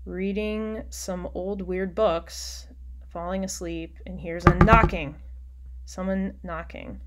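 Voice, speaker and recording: A woman teacher giving a recorded online lecture, explaining patiently and often dropping into quiet muttering as she works. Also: fairly low pitch, fairly even intonation, slow pace, very noisy.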